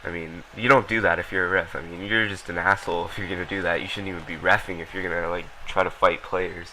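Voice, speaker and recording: Talking fast with a steady tone, this young gameplay commentator uses a low but bright, forceful voice. His casual commentary rambles, full of ums and uhs and blunt swearing, over poor audio with faint background noise.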